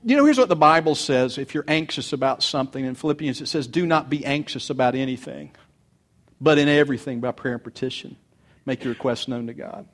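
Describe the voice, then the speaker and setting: A middle-aged pastor preaching a sermon, earnest, swinging between loud urging and soft confiding. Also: male voice, mid-range voice, a little fast.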